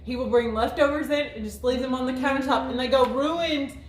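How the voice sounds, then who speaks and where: A slightly high-voiced woman chatting through a party game, giggly and a bit nervous. The room around her is echoey, with a faint hiss. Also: a little fast. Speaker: co-host playing a party game. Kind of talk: casual chat. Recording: roomy room with faint noise.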